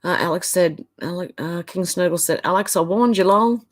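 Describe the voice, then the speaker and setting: Brief: Australian woman, middle-aged live-stream host, slightly low voice, loose chatty delivery with exasperated asides. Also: normal speed. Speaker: live-stream host reading chat comments. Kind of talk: casual live chat.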